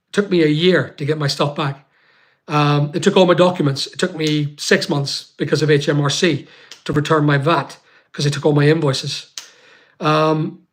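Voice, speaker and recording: Man, slightly raised voice, emphatic, repeats himself, halting pauses, livestream account. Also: a little high, fairly bright tone. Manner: emphatic and repetitive, with frequent pauses and fillers. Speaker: YouTuber on a livestream. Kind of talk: emotional personal account.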